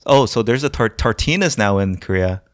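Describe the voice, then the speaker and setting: American man, podcast co-host, casual storytelling, laughs a lot, lowish voice, dry close sound. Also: fairly quick, no room sound. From United States. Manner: relaxed, chatty, laughs often, tells funny stories. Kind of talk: casual chat.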